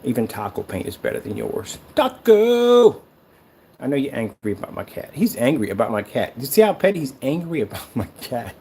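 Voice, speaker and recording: A man's voice: mid-range voice, expressive, fast talker, few pauses, a little mellow, husky. A man who makes screen paint, delivering a sarcastic, rambling online rant that taunts a rival.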